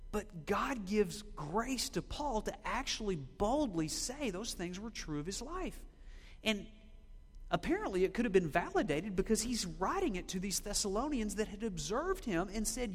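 High-voiced male pastor preaching. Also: big pitch swings, long reverb tail. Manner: preaching with rhetorical questions, slowing down to read scripture. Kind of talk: sermon. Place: church sanctuary.

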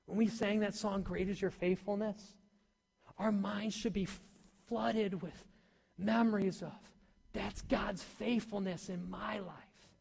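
A man preaching a sermon to a congregation, animated and full of questions to his listeners. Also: high-pitched, takes it slowly, creaky, slightly rough. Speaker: pastor. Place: church hall. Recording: long hall reverb.

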